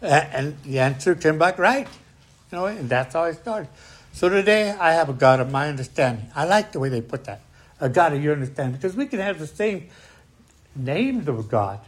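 Man, a bit high-pitched, giving a personal testimony at a recovery meeting; emphatic, keeps checking in with the room. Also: very animated. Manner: emphatic, rising and slowing when angry, tag questions "right?". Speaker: speaker sharing at a recovery meeting.

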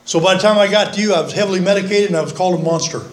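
A man's voice: sits high, very fast. An older man giving a folksy, earnest talk at a recovery meeting, with self-mocking humor. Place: meeting room, speaking from the front. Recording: echoey meeting room.

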